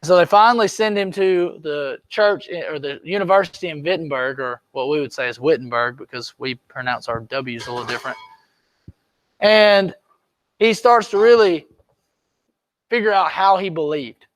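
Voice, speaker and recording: Male teacher, high-pitched, chatty lecture style, close dry sound. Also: normal speed, a bit bright, no room sound. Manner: conversational, checks on students often. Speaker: history teacher. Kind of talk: classroom lecture. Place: classroom.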